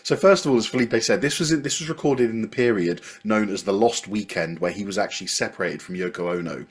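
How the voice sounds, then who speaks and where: A man's voice: fairly low pitch, fast, breathy edge. A man co-hosting a music podcast in casual chat, telling anecdotes from his notes with lots of restarts. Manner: anecdotal, reads from notes, chatty with frequent fillers and restarts. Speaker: podcast co-host.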